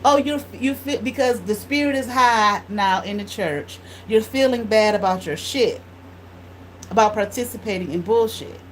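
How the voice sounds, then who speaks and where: A woman tarot reader telling a blunt, animated story in casual speech, swearing freely. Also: fairly high pitch, moderate pace, a little hiss or hum, low-quality recording.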